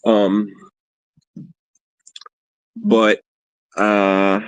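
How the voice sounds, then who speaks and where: Livestream host, male, lowish voice, dry close sound, rambling and profane, self-mocking. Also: monotone, very slow, clean tone, no echo. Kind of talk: casual livestream chat answering viewers.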